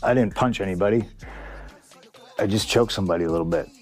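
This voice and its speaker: A man's voice: fairly low pitch, fast, a little mellow, soft background music. A man, a pro wrestler, bluntly telling a backstage story in an interview, swearing freely and acting out the voices of the people involved. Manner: blunt, profane, acts out quoted dialogue.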